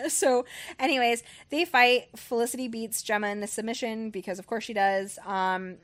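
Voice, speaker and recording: A woman's voice: on the high side, lively intonation, unhurried. A woman hosting a book club podcast, recapping a story in a rambling casual way, full of ums and likes and the odd casual swear.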